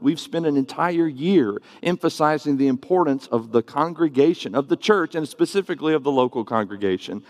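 A man preaching a sermon to his congregation, earnest and emphatic, slowing and speeding up to stress his points. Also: mid-range voice. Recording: long reverb of a church hall.

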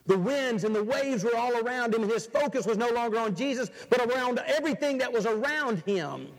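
A man preaching a sermon in a large church, dramatic and full of rhetorical questions, dropping to a hush and then rising loud. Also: very high-pitched, animated, brisk. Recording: reverberant church hall.

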